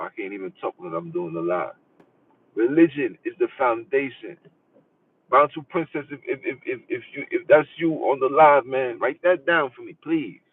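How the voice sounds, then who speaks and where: A man's voice: mid-range voice, breathy edge. A man hosting a podcast live stream, arguing in an emphatic, preachy way and hammering home repeated phrases. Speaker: podcast host. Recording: tinny phone-like sound from far off.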